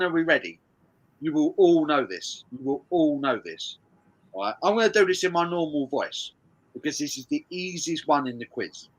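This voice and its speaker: Animated man hosting a stream. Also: on the high side, poor audio. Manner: jokey, animated, reads out viewer comments. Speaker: live stream host running a lyrics quiz. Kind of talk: casual live stream chat.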